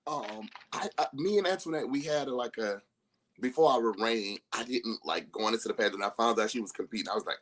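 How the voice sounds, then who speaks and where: A man's voice: mid-range voice, fairly quick. A young man, a guest on a casual live-stream chat, telling stories with bursts of laughter. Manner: animated storyteller who laughs often and acts out quoted people. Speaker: interview guest.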